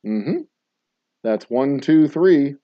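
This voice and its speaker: A man runs a casual bar trivia game, reading answers and drifting into jokey stories. His voice sits at a middling pitch. The sound is dry and dull, a bit lo-fi. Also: expressive, very slow, dark tone, dry recording. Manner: jokey, rambling dad-joke storyteller. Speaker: trivia host. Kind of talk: casual live-stream trivia hosting.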